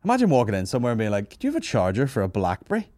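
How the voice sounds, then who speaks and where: A man's voice: medium pitch, wildly swooping pitch, very fast, darkish tone, no echo, clean studio sound. A man hosting a comedy podcast, telling rambling, sweary stories and laughing at his own jokes. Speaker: podcast host. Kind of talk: casual comedy podcast banter.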